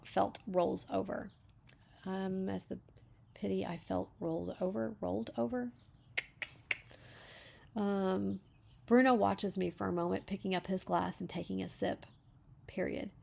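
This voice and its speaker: A woman's voice: medium pitch, gravelly. A woman reading a story aloud as a beta reader, breaking off to comment on the writing.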